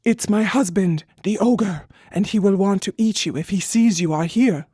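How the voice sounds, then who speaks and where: A narrator voicing a tall ogre's wife in a storybook reading for learners, hushed and urgent. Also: medium pitch, normal speed, husky, dry recording, clean studio sound, voice pushed up, natural voice. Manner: hushed and urgent, with a mocking laugh. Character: big, tall ogre's wife, sly but kind.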